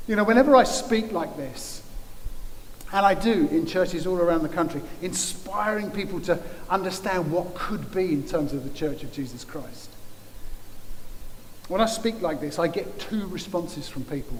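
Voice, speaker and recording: Guy preaching in a church, kinda high voice, punchy and repetitive, big hall echo and a bit of hiss. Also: lively intonation, moderate pace. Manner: emphatic, builds with repeated phrases. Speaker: guest preacher. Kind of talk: sermon. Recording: long church-hall reverb, faint noise.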